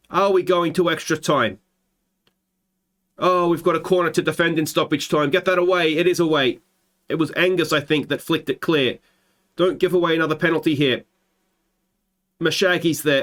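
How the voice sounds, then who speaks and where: An Australian man hosting a football management let's play, calling his match like a commentator and swinging into excited shouts at big moments. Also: on the high side, normal speed, pauses often. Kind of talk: gameplay commentary.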